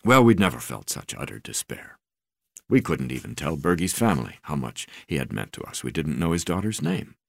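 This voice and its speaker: A man reading a memoir aloud as an audiobook narrator, in a measured, deliberate way. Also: rumbling low, very animated, vocal fry, no echo, studio quality.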